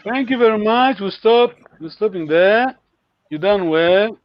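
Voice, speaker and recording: A man's voice: sits high, expressive, a little slow, no echo, highs cut off. A man teaching a live online language lesson, encouraging learners and repeating words for them to copy.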